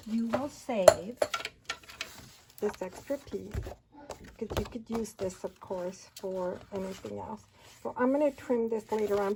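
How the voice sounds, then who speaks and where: A woman's voice: a little high, dark tone. A woman hosting a casual paper-craft tutorial, chatting and counting aloud as she folds and cuts, recorded with noise and handling clicks. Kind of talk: casual hands-on craft demonstration.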